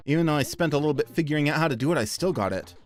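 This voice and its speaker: A young man giving casual, joking commentary over a video game he is playing. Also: fairly high pitch. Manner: self-deprecating, joking, reads game lines aloud in silly voices. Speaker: gameplay commentator. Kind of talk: casual let's-play commentary.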